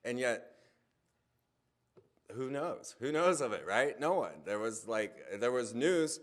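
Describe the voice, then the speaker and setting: A man talking in a loose, conversational monologue at a mid-range pitch. He tells stories with energy, and his voice rises in pitch and volume when he gets excited. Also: slow pace. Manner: animated storytelling, voice rising when excited. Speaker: speaker on a hypnosis channel. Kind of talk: casual spoken monologue.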